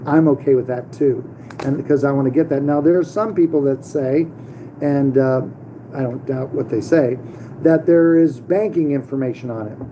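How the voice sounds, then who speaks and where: Rambling man with a mellow, dark voice. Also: medium pitch, normal speed, muffled recording, a little hiss or hum. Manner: rambling, with many fillers and restarts. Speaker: channel host. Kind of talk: casual vlog monologue.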